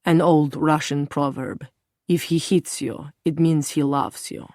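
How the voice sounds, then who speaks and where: A woman's voice: deep voice, fairly even intonation, measured pace, a little mellow, dry recording, studio quality. A woman voicing an anxious male political handler who talks earnestly and turns faltering and defensive when pressed. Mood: explaining.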